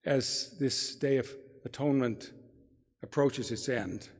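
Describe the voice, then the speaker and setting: A man giving a talk in a synagogue, reading a story aloud with dramatic pacing that drops to hushed tones. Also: mid-range voice, slow, vocal fry. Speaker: guest speaker. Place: synagogue sanctuary. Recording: long reverb of a large hall.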